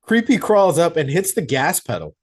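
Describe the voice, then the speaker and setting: A man's voice: on the high side, sing-song, moderate pace, darkish tone, breathy edge. A man co-hosting a casual movie review podcast, acting out scenes in put-on voices and swearing freely. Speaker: podcast co-host.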